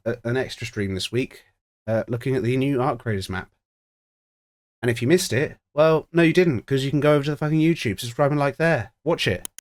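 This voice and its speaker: A man's voice: medium pitch, dry recording. Exasperated, sweary man, dry sound. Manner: exasperated, sweary, ranting at the players. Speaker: streamer. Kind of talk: football management game commentary.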